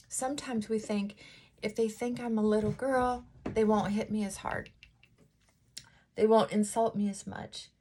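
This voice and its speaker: Slow, reflective woman vlogger. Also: medium pitch, fairly even intonation, slight background noise. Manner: unhurried, reflective, thinking aloud; casual with frequent fillers. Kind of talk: casual chat while getting ready.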